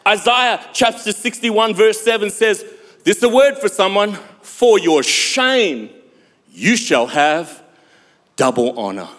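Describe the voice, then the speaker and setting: A high-pitched man preaching a sermon at an unhurried pace, leaning on dramatic pauses before swelling to loud, emphatic lines. His voice rings with a long reverb off a large church hall. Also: expressive. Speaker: pastor.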